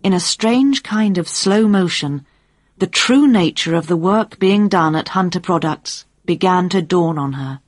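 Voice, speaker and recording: A woman reading a story aloud as narrator, in a measured storytelling manner. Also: fairly low pitch, dry recording, studio quality. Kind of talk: audiobook narration.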